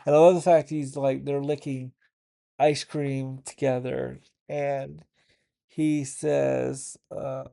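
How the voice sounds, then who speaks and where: A man casually recapping a TV episode for his online channel, in a halting, stop-start way. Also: mid-range voice, level tone, creaky, warm tone. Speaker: YouTube reviewer.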